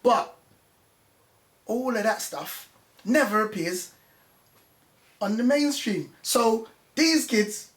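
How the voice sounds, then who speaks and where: A man talks as a guest, recalling his years as a music journalist in a casual conversation. He tells it with animated passion. The room around him rings with echo. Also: sits high, slow pace, long pauses.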